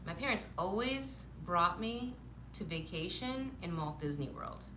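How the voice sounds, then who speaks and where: A woman in her fifties tells childhood stories on a live stream in a lively, animated way, often laughing and acting out the voices of people she remembers. Her voice sits fairly low yet sounds bright and forceful. The room around her is noticeably echoey. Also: measured pace, slight background noise. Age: 50s. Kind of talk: casual storytelling on a live stream. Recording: roomy echo.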